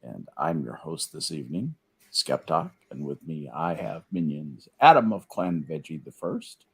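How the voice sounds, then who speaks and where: Older husky-voiced male host. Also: measured pace. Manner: rambling storyteller, lively swings in pitch. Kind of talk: casual panel chat. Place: home office in an enclosed porch.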